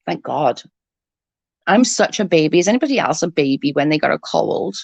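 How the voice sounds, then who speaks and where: A woman with a cold, hoarse and husky, chatting casually on a livestream and answering viewers' comments. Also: low voice, lively intonation, normal speed, dry recording, highs cut off. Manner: blunt, swears freely, vents about double standards. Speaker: livestream host. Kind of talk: casual live chat reading comments.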